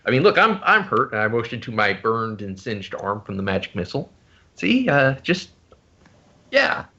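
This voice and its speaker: A man playing a tabletop game, talking in an animated, stammering way as he pleads his character's case. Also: medium pitch, moderate pace. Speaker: player. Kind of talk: casual game talk. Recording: muffled lo-fi recording.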